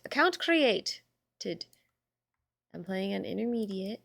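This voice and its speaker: A woman's voice: medium pitch, lively intonation, slow, creaky, long pauses, fairly bright tone, dry recording, clean studio sound. A young woman streamer chatting casually and reading chat aloud, bubbly and swearing freely.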